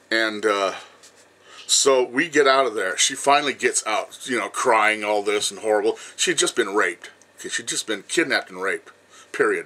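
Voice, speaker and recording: A man in his fifties with a low voice and a bright, forceful edge tells a long personal story straight to his viewers. He rambles, jumps around, and leans on "you know" between thoughts. He swears without hesitation and speaks bluntly. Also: low-quality recording. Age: 50s. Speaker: vlogger.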